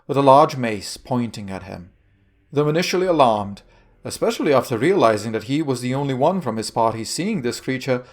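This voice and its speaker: A man narrating as game master of a tabletop game, laughing often and filling pauses. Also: mid-range voice. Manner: laughing often, hesitant fillers.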